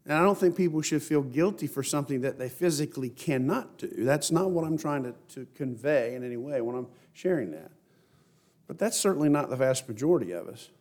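A middle-aged man giving a sermon as pastor, reading scripture and explaining it earnestly, slowing and lifting his voice for emphasis. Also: mid-range voice, darkish tone. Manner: earnest preaching, slows and rises to stress scripture.

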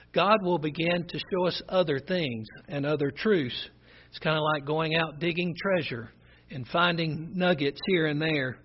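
A man with a rural Southern American accent preaches a sermon in a fairly high, husky voice. He talks earnestly and conversationally and reads scripture aloud. The recording sounds dull and lo-fi.

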